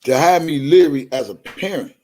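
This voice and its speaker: A man's voice: a little high, animated, normal speed, darkish tone. A man hosting a live stream, talking bluntly to his viewers and swearing heavily. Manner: addresses viewers directly. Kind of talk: profane live-stream rant.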